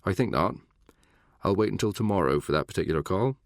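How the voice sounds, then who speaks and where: A man's voice: deep voice, lively intonation, fast, no echo, clean studio sound. A man voicing a smug, patronising middle-aged official in an audiobook. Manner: patronising, smooth.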